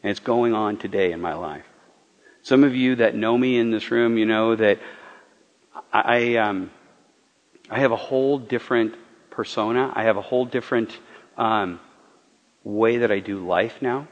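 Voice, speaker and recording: A pastor delivers a personal sermon testimony, earnest and confessional, often halting and repeating himself as he searches for words. His voice rings out with a long reverb tail in a large church hall. The recording is somewhat muffled and lo-fi. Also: on the low side.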